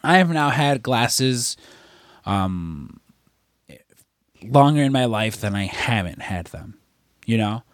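A man's voice: mid-range voice, animated, slow, long pauses, no room sound, clean studio sound. A man co-hosting a podcast, telling a rambling story in casual chat and swearing freely. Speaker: podcast co-host.

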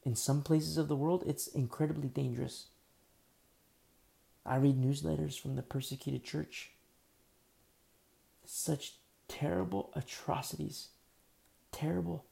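Man preaching, gravelly and dark toned, hammers the same words over and over, swings from hushed to loud. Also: medium pitch, little pitch movement, moderate pace, pauses often. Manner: emphatic and repetitive, dropping to near-whispers then rising loud. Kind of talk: sermon.

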